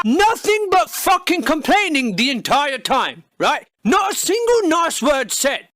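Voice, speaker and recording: A man's voice: very high voice, very animated, normal speed, few pauses, sharp tone, no room sound, studio quality. A man giving a profane, mocking comedic rant full of rhetorical jabs. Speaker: channel host.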